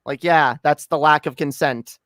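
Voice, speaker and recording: A man's voice: a little high, normal speed, a bit bright, no room sound, clean studio sound. A man co-hosting a podcast, talking emphatically and profanely with stammering restarts. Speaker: podcast co-host. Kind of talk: casual chat.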